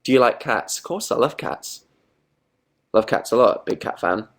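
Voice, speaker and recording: A man's voice: mid-range voice, sing-song, moderate pace. A young man chatting casually on a livestream, reading out viewer comments with self-mocking asides. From Britain. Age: young adult. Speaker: livestream host.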